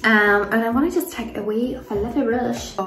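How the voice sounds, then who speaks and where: A woman's voice: on the high side, normal speed, fairly bright tone. An Irish woman in her young adult years talks through her makeup routine at home, chatty and gushing, laughing often. She sits a little away from the mic, so her voice carries a roomy echo. Faint music plays underneath. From Ireland. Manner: chatty and rambling, gushing over products with frequent laughs. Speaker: beauty vlogger. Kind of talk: casual makeup tutorial and Q&A chat. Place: home room, kids nearby. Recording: roomy sound from a distance.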